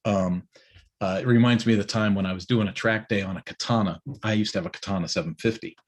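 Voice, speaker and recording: Husky middle-aged man telling a story. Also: lowish voice, fairly even intonation, fast. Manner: storytelling with many restarts, acts out quoted riders. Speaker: business owner giving a morning check-in. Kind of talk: casual spoken monologue.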